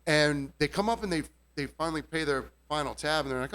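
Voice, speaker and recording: Fairly high-pitched and fairly quick, a bartender tells a story during a casual chat on a podcast. He curses freely, is highly animated and mimics his customers' voices.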